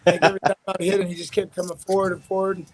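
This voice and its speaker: High-voiced man telling a rambling story. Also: level tone, very fast, a little mellow, low-quality recording. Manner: rambling, profane, frequent restarts. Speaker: interview guest, fighter. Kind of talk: casual storytelling.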